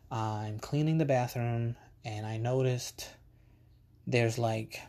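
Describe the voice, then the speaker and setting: Podcast host, man, middle-pitched voice, animated and profane, casual storytelling. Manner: animated, profane, repeats himself for emphasis.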